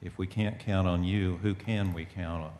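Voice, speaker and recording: A man's voice: sits low, steady tone, moderate pace, darkish tone. A man making an earnest, appealing public comment at a city council meeting. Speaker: resident speaking at public comment. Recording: reverberant council chamber.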